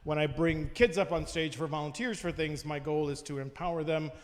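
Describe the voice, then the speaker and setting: A man's voice: fairly high pitch, fairly quick. A middle-aged man, an actor and family comedy performer, explaining his work earnestly as a talk show guest. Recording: live venue with long reverb.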